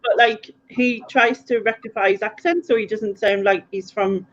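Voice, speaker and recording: A person from North East England joining a casual live chat and explaining things quickly and plainly. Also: mid-range voice, fairly even intonation, fairly bright tone, muffled recording.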